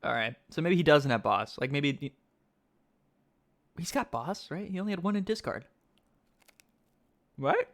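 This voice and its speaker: Man, live-stream card game commentator, excitable, thinks aloud, asks the chat questions. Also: a little high, measured pace, long pauses. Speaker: tournament commentator.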